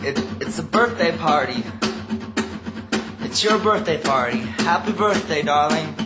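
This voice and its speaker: A man voicing a calm, gentle male stranger in a spoken story, speaking tenderly and repetitively. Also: on the high side, measured pace, reverberant. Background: guitar music.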